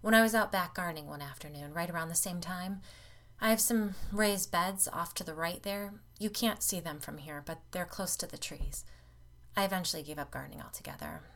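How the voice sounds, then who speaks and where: A woman voicing a nervous, anxious housewife in a storybook reading, speaking in a hushed, uneasy way. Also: on the low side, a little fast.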